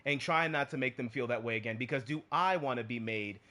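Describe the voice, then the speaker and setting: A man's voice: mid-range voice, a little fast, bright, forceful tone. Man, mid-range voice, casual live-stream co-host, earnest and repetitive. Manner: earnest, repeats points for emphasis. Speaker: podcast co-host. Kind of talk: casual opinion talk.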